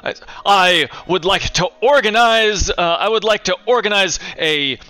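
A man voicing a fawning, eager male dwarf town official who gushes with many halting fillers. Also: high-pitched, bright, forceful tone, pitched above the performer's own voice. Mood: effusive.

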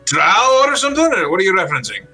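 A man's voice: high-pitched, huge pitch swings, fast, sharp tone, slightly rough, soft background music. A man playing a tabletop game, joking with the group and speaking for his character. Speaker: player. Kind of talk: casual tabletop play.

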